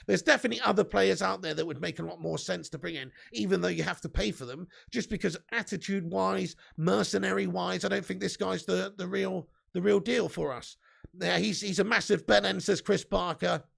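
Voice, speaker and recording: Young man, live-stream host, high gravelly voice, sweary banter. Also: fairly quick, a bit bright. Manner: banter with frequent swearing and laughter. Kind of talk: casual live-stream chat.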